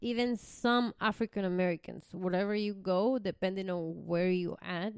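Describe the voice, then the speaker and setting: Blunt Spanish-accented woman, smooth voice. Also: mid-range voice, fairly even intonation, moderate pace, darkish tone, no room sound, studio quality. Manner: blunt, chatty, swears freely. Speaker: podcast co-host. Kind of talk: casual chat.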